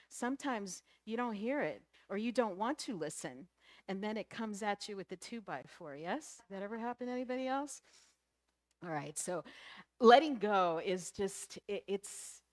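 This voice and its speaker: A woman's voice: medium pitch, lively intonation, moderate pace, dry recording. A woman minister giving a conversational sermon, laughing often and acting out the characters of a story.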